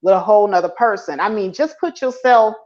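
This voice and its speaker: A woman's voice: medium pitch, fairly quick, a little mellow, muffled recording. A woman co-hosting a podcast, thoughtfully walking through the situation with empathy. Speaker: podcast co-host. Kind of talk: casual commentary.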